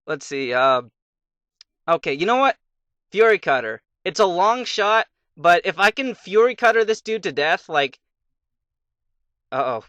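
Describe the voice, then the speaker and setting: A man's voice: sits high, very animated, measured pace, pauses often, fairly bright tone, no room sound. A young man casually commenting on his gameplay, rambling through a fairy tale between moves and muttering to himself. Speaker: let's play commentator.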